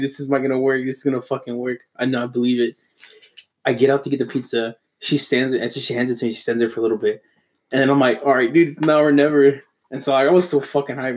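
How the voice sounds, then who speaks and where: A man telling a long, rambling story among friends, swearing a lot and mocking himself. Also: mid-range voice. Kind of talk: casual chat.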